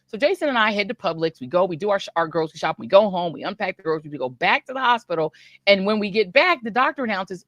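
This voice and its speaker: A woman's voice: mid-range voice, lively intonation, quick pace, dry recording. A middle-aged woman hosting a podcast, telling a story casually and animatedly, often laughing and acting out voices. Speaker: podcast host.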